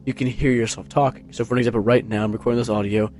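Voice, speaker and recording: A man's voice: steady tone, rapid-fire, a little mellow, faint music behind. A man vlogging at home in a casual, rambling way, full of fillers and restarts, talking close into a tabletop microphone. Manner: rambling, many fillers and restarts, low-key. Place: carpeted room at home. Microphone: tabletop USB microphone, close, with headphones on.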